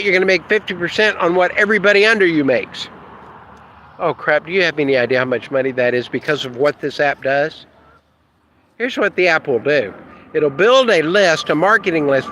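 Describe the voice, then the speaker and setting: An excitable man with a somewhat high voice talks straight to camera about his business, rambling and blunt, throwing in mild curse words. A faint hum of a vehicle sits behind him. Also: rough recording. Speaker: internet marketing business owner. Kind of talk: casual rambling talk to camera.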